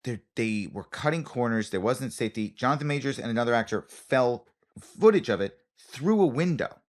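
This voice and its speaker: A man co-hosting a comedy podcast in casual chat, an animated storyteller who repeats phrases for emphasis. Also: mid-range voice, normal speed. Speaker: podcast co-host, comedian and actor.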